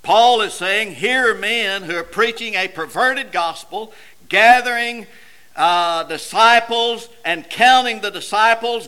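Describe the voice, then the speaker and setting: A man preaching a sermon emphatically, moving between loud declaiming and low, intense passages, and addressing the congregation directly. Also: smooth, low-quality recording.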